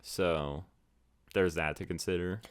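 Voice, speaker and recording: A young man co-hosting a podcast in casual chat, teasing his friend and trailing off low at the ends of lines. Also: steady tone, slow pace, clear, resonant tone. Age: young adult. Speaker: podcast co-host.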